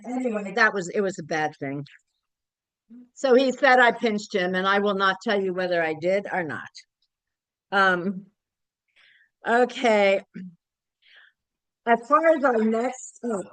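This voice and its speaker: A woman's voice: mid-range voice, a bit bright, no echo, low-quality recording. Older woman, activist at a group meeting, blunt and candid, rambling, dry close sound. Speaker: local activist group member. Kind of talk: speaking at a community group meeting.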